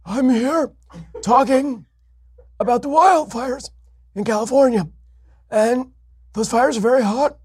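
A frail, quavering ancient politician. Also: male voice, very high-pitched, a little mellow, breathy edge, no room sound, studio quality, pitched above the performer's own voice, heavily acted. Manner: slow, quavering, trailing off. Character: very old frail male governor, quavering.

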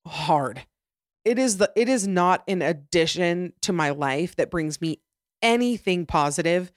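A woman's voice: low voice, dry recording, studio quality. A young adult woman hosting her own podcast, talking in a chatty, rambling way with lots of "like" and restarts. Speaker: podcast host. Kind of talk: casual solo podcast chat.

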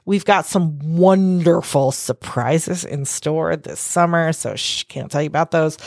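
On her own podcast, a woman with a voice on the low side talks casually and candidly, swearing a lot and rambling through asides and performed quotes. It's a solo monologue with studio quality and no room sound.

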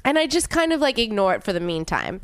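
Animated young woman telling a story. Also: quick pace, no echo. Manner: animated storytelling with many "like" fillers, leaps in pitch when exclaiming. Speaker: podcast host. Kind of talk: casual chat.

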